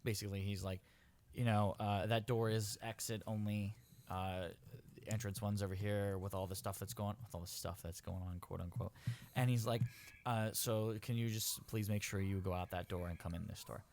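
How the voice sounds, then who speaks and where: A man's voice: lowish voice, steady tone, normal speed, darkish tone, slight background noise. A man guest on a podcast, hesitant and self-deprecating, telling a small story over an online call. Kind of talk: casual chat.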